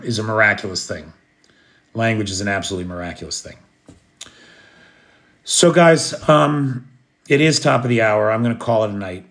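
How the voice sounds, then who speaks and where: Gravelly chatty American man. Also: on the low side, fairly bright tone. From United States. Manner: rambling, chatty, restarts and fillers. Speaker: livestream host. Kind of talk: casual live chat reading comments. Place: living in Kyiv, recording at home at night.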